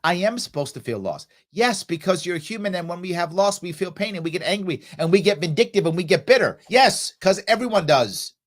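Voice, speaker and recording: A man's voice: high voice, brisk, few pauses. A middle-aged man hosting a talk show, giving an emphatic motivational monologue and acting out quoted voices.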